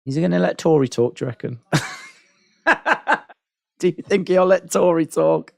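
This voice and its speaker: A man's voice: fairly high pitch, normal speed, gravelly, mellow, dry recording, studio quality. A man hosting a wrestling watch-along stream, chatting and reacting with laughs and asides. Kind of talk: casual live-stream commentary.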